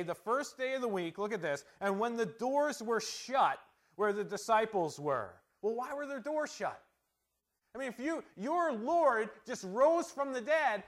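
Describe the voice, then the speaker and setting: A middle-aged male pastor preaching a conversational sermon, asking rhetorical questions and swinging between loud emphasis and quiet asides. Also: high voice.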